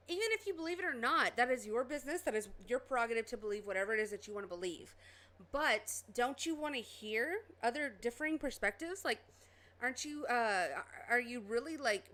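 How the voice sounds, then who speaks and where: This is a woman with a bright, fairly high voice. She talks through a clip in a casual reaction style, rambling and full of fillers, and she sounds like she is enjoying herself. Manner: chatty, loose, many fillers.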